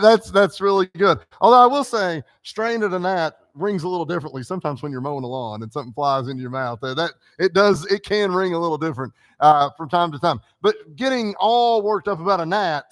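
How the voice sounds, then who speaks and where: This preacher runs a conversational Bible class in a church classroom, his voice slightly high and a touch bright. He quizzes the group and keeps tossing in "right?" and "okay?" as he makes his points.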